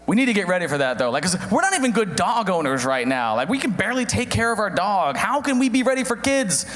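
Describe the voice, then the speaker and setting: A young man performing a stand-up comedy routine in an animated way, acting out the voices of other people. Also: high-pitched, quick pace. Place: comedy stage before an audience. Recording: live stage with long hall reverb.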